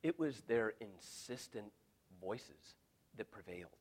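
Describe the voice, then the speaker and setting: A man's voice: on the low side, lively intonation, slow pace, darkish tone, husky. A man preaching an expository sermon in an earnest, emphatic way, often repeating words as he restarts. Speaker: pastor.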